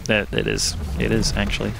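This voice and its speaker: A man's voice: lowish voice, sing-song, brisk, gravelly, over music. A young man casually commentating an esports match, chatty and joking, laughing often. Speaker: esports caster. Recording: noisy background.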